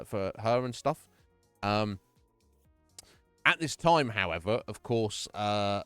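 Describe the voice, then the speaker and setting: A man's voice: mid-range voice, a bit bright, clean tone, no room sound. A man streaming live, casually recapping a horror game's story in a rambling, swear-heavy way and laughing often. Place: home streaming setup.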